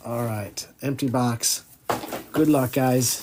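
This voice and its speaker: Slow-talking man hosting a card break. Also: medium pitch, noisy background. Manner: chatty, calls out each card, groans at misses. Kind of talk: live card break commentary.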